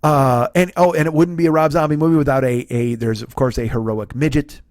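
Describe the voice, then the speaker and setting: A man's voice: fairly high pitch, fairly even intonation, brisk, darkish tone, no echo, clean studio sound. A middle-aged man hosting a podcast, ranting sarcastically about a movie with heavy swearing and acted-out lines. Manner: sarcastic, swears a lot, acts out characters' lines. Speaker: podcast host. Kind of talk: profane comedic movie rant.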